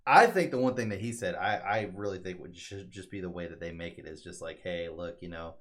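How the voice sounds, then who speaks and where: Very deep-voiced man, casual chat. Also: fast talker. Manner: enthusiastic, profane, acts out quotes loudly. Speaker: co-host explaining the story.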